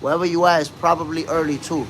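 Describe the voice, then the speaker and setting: A man hosting a casual live boxing talk stream, speaking emphatically and shouting out viewers in the chat. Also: fairly high pitch, flat delivery, quick pace, noisy background. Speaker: boxing show host.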